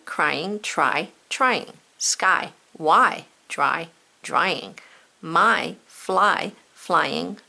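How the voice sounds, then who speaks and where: A woman teacher talks young pupils through a spelling worksheet in a playful, encouraging way, slowing down to sound out each letter. Her voice sits a little low but has a bright, forward tone. A gravelly fry runs through it. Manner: upbeat, playful, encouraging, sounds words out slowly. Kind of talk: children's spelling lesson.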